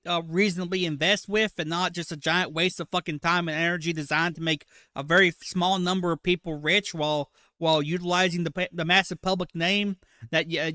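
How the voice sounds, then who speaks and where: Streamer guy, rambling crude commentary, fairly high voice, dead-dry mic. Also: bright, forceful tone, dry recording. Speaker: livestream host. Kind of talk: casual livestream commentary.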